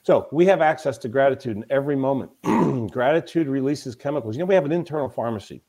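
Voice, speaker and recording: An emphatic man at a middle pitch, speaking as a guest in a relaxed podcast interview. He tells stories with plenty of emphasis and often circles back to repeat a point. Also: fast, slightly rough. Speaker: podcast guest, mental toughness coach. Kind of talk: conversational interview.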